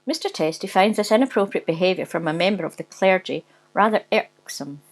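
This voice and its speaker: A woman's voice: mid-range voice, animated, a little fast, rough recording. A woman reading a rude comic story aloud, often giggling as she goes. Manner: giggly, breaking into laughter while reading.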